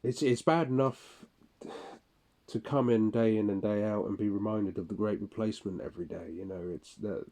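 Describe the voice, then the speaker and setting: A man's voice: on the low side, steady tone, moderate pace, dark tone. A man speaking a casual monologue for his audio log, rambling, profane and weary.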